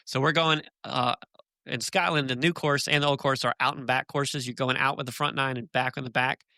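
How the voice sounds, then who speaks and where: A man, a podcast guest, talking casually and telling animated stories. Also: mid-range voice, fairly quick, no echo. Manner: chatty storyteller, animated and laughing.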